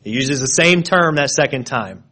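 A man's voice: medium pitch, expressive, moderate pace, bright, forceful tone, slightly rough. A man preaching an expository sermon, explaining word meanings with frequent restarts and repeated words.

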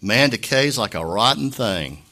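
A man pastor giving an impromptu sermon, earnest and emotional, halting often to clear his throat. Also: medium pitch, expressive, pushed and bright.

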